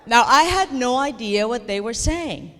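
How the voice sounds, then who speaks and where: A woman's voice: on the high side, animated, measured pace, pushed and bright. A woman giving a comedic keynote speech, telling playful, self-deprecating stories to an audience. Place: large hall before an audience. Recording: long hall reverb.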